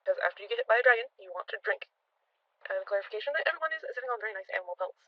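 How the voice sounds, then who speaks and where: A game master recapping a tabletop adventure, telling the story at a rapid clip. The voice sounds dry and close, with animated, lively narration. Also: mid-range voice, no room sound, lo-fi sound.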